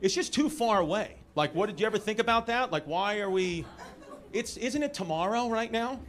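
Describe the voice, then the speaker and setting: A man's voice: high voice, normal speed. A man from Brooklyn doing a stand-up comedy set in a theater, acting out quoted voices and bantering with the audience. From Brooklyn, New York. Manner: animated, shifts into quoted voices, banters with crowd. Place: theater stage before a live audience. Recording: live venue with audience noise.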